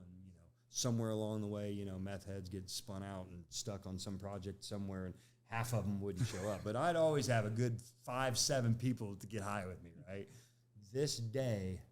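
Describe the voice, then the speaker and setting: A middle-aged man speaks in a low, deep voice as a podcast guest. He tells his story candidly and conversationally, checking in with "right?" and "you know". A faint hum sits under the recording. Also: darkish tone. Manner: conversational, frequent "right?" and "you know" tags, acts out quoted lines.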